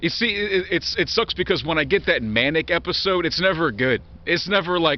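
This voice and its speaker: A man's voice: on the high side, expressive, a little fast, hardly any pauses. A man in his thirties gives a candid vlog monologue. He talks bluntly and swears constantly, circling back and restarting his sentences. The recording sounds muffled and lo-fi. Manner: blunt, heavily profane, rambling with restarts. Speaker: vlogger. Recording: dull lo-fi recording.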